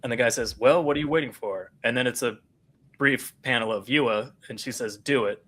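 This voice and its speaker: A man's voice: mid-range voice, normal speed, a bit bright. A man co-hosting a podcast, animatedly retelling scenes from a comic in casual chat. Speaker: podcast co-host.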